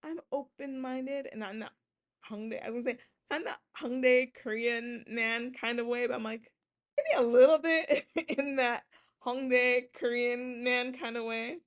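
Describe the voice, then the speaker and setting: Female podcast host, slightly higher voice, casual lecturing, animated delivery. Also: unhurried. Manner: animated, acts out quoted voices, keeps asking "right?".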